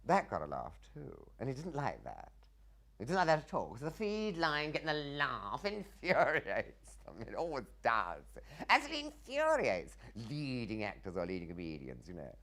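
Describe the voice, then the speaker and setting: A man's voice: medium pitch, huge pitch swings, moderate pace, sharp tone. An English man in his fifties telling stage stories in an interview, theatrical, breaking into mimicking voices and laughing often. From England. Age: 50s. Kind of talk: anecdotal interview storytelling.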